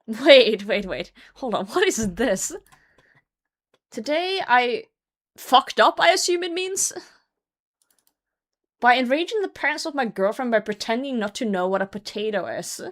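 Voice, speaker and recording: A woman's voice: fairly high pitch, very animated, moderate pace. A woman streamer chatting casually and reading a story aloud, breaking in with blunt, profane commentary and frequent laughter. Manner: blunt, swears often, laughs through her reading.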